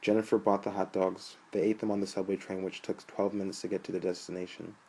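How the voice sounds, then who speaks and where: A man reads a novel aloud in a steady, storytelling manner. His voice sits low and calm throughout the narration. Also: fast talker, breathy edge, poor audio. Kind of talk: audiobook narration.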